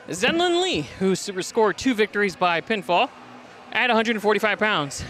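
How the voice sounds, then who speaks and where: A man broadcasting a high school wrestling preview, energetic and quick, rattling off stats and names while a little out of breath. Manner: energetic, fast-talking, reading stats and names. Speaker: play-by-play broadcaster. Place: top of gym bleachers.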